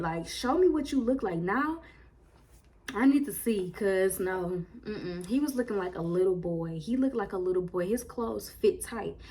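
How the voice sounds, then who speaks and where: A woman, casually telling a personal story to her viewers, animated and full of slang and "like.". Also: mid-range voice. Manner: animated, chatty, lots of "like" and slang. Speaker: storytime vlogger.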